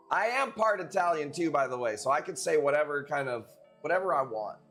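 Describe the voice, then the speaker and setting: A male streamer with a fairly high, very animated voice, trading brash, profane jokes with his chat. His delivery is loose and casual, the pitch jumping all over. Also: moderate pace, music in the background. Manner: profane, brash joking banter. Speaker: live streamer.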